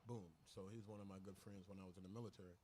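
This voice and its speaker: An easygoing man speaks reflectively in a casual family conversation, recalling an old friend. His voice sits somewhat low, and a faint noise runs underneath. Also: steady tone, rapid-fire, dark tone. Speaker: father, military veteran.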